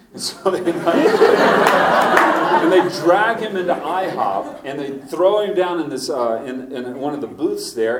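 A middle-aged man preaching a sermon, telling animated stories that build to emphatic points. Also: medium pitch, recorded from a distance. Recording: roomy echo, from off the mic.

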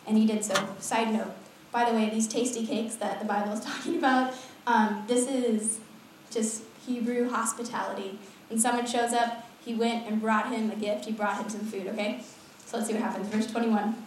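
A young woman preaching a casual, animated sermon, laughing often and adding chatty asides. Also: a little high, normal speed, few pauses, slight background noise. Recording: echoey hall, voice from far off.

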